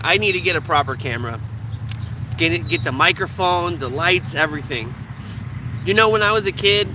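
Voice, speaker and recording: A young man with a nasal, squeaky voice, chatting casually and profanely to his live viewers. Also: noisy background. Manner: profane, joking, talks with teeth hidden. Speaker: vlogger streaming live. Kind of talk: casual rambling chat.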